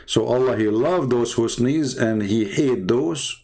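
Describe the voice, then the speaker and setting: A man's voice: mid-range voice, unhurried, dark tone. A man hosting a live online debate stream, sarcastic and mocking, speaking English with non-native grammar. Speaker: livestream host.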